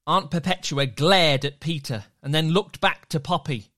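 A storyteller narrating a children's story with an expressive, lively delivery. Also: mid-range voice, moderate pace, hardly any pauses.

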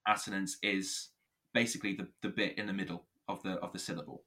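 A man's voice: low-pitched, quick pace. Man playfully explaining rap rhyme. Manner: animated, playful teaching, laughs easily. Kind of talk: conversational explanation.

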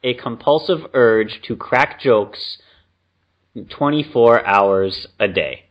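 A man co-hosting a podcast in casual chat, dropping dry, quick quips. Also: mid-range voice, highs cut off. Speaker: podcast co-host.

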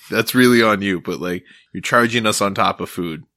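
A man's voice: fairly low pitch, measured pace, bright, forceful tone, dry recording. A man from Maryland co-hosting a podcast, ranting casually with profanity and wry laughs. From Maryland, USA. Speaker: podcast co-host. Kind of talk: casual chat.

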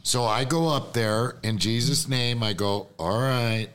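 Animated storytelling man. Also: medium pitch, measured pace, smooth. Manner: animated storyteller, acts out quoted voices. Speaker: guest. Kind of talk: storytelling in casual chat.

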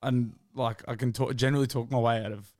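An Australian man talks at a rapid clip, trading crude, self-mocking banter as a podcast co-host. His voice sits at a middling pitch. The sound is dry and close, with no room around it. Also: fairly even intonation, darkish tone, no room sound. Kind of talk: casual banter.

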